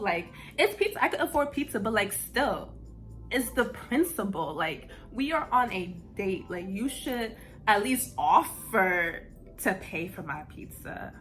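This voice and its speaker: A woman's voice: a little high, moderate pace, faint music behind. A young woman telling a story in a casual, blunt way, full of "like" and swearing. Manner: animated, heavy use of "like", blunt and profane. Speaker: vlogger.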